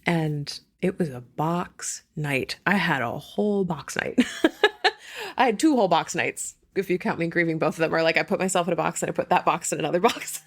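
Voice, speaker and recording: A woman author speaking as a podcast guest in a casual, reflective conversation, earnest and quick to laugh. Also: fairly low pitch, sing-song.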